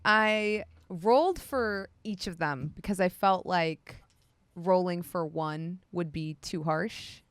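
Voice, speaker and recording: Young woman game master, slow, relaxed delivery, dry recording. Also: on the low side, no room sound. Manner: relaxed, chatty rulings with frequent laughs. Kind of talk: running a tabletop role-playing game.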